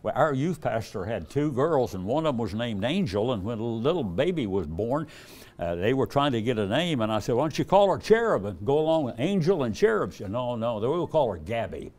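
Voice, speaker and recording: This older man, an evangelist, delivers a storytelling sermon full of folksy tales, voicing characters loudly and laughing softly throughout. His pitch sits in the middle with a darkish tone, and he talks quite animatedly and a bit quickly.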